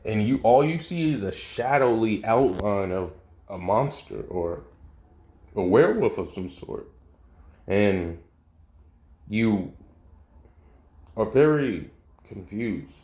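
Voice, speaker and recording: A man's voice: fairly low pitch, animated, slow, pauses often, darkish tone. A man casually improvising a fan story, rambling with slang and swearing. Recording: echoey room.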